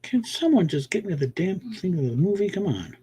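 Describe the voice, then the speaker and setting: A man's voice: high-pitched, big pitch swings, a little fast, mellow, husky. Rambling man on a casual stream. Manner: rambling, many fillers and restarts. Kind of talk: casual chat.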